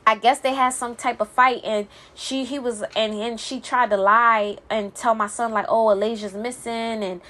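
A woman's voice: fairly high pitch, steady tone, normal speed, hardly any pauses, pushed and bright. A single mother venting in a blunt, profane monologue, stumbling and repeating words when heated.

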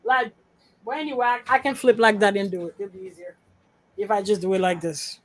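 A woman's voice: mid-range voice, fairly even intonation, fairly quick, rough recording. A woman co-hosting a podcast in casual chat, blunt and profane, muttering to herself as she sorts files. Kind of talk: casual chat while sorting files on screen.

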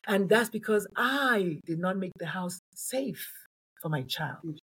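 A woman's voice: mid-range voice, lively intonation, unhurried, a bit bright, slightly rough. A woman from Nigeria, a pediatrician and coach, talking emphatically in an interview and repeating phrases for effect. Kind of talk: animated interview talk.

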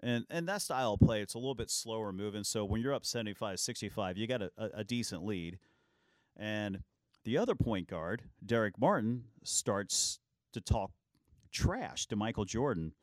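Low-voiced man telling sports stories. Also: normal speed, dry recording. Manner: lively anecdotes, acting out quoted lines. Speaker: sports show host. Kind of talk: casual sports storytelling.

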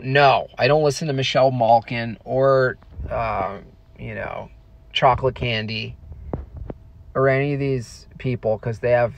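An American man casually answering viewer questions on a stream, halting with many fillers and restarts. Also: medium pitch, vocal fry. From United States. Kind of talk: casual livestream chat.

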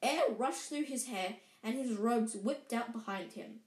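A woman reading a children's story aloud in a lively way, with frequent slips and restarts. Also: a little high, measured pace. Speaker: reader. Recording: roomy echo.

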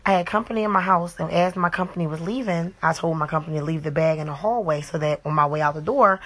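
Young mom spilling a story at home, kinda low voice, swears a lot, acts out everybody's lines. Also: female voice, quick pace. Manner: animated, profane, acts out the other people's lines. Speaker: mother telling a personal story. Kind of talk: casual storytime to camera. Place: at home with her young children nearby.

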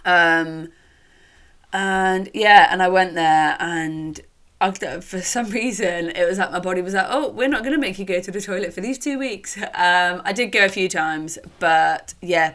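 Chatty, candid woman, low-pitched. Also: a bit bright, smooth. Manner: chatty and candid, swears casually, lots of fillers. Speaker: podcast host. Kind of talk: casual personal storytelling.

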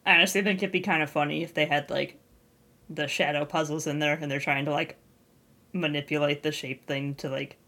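A woman's voice: deep voice, steady tone, brisk, sharp tone. A woman co-hosting a casual podcast, musing in a tentative, unsure way. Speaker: podcast co-host.

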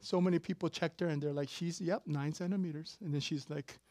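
Storytelling male preacher, slightly high. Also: fairly even intonation, fairly quick, no echo. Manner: conversational storytelling with sudden loud emphatic bursts. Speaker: pastor. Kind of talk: sermon.

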